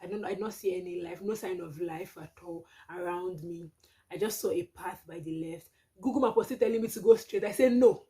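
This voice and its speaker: Animated Nigerian woman telling a story. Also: fairly low pitch, brisk. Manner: animated, dramatic retelling with exclamations. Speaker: vlogger. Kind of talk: storytime vlog.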